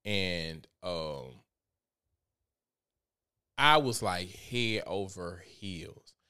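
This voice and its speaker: A man giving casual commentary on a vlog, animated and profane as he tells a story. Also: deep voice, extremely slow, clear, resonant tone. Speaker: vlogger.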